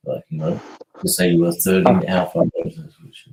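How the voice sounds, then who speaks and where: Guy hosting a chill chat, deep voice, roomy echo, asks laid back questions. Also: big pitch swings, moderate pace, a little mellow. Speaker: host asking questions. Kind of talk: casual chat.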